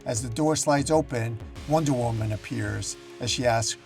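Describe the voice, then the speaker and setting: A man's voice: medium pitch, normal speed, gravelly, few pauses, faint music behind. A man hosting a comic book channel, narrating a story recap with dramatic emphasis.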